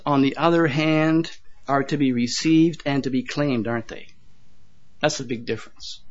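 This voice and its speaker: In a dull, lo-fi recording, an older pastor with a slightly high voice preaches in a folksy, conversational style, repeating words and laughing at his own asides.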